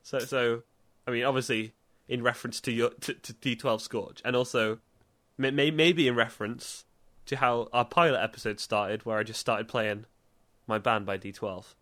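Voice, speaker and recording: A young man, co-hosting a podcast in casual chat, full of stammered restarts and quick laughs. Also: medium pitch, steady tone, a bit bright. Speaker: podcast co-host.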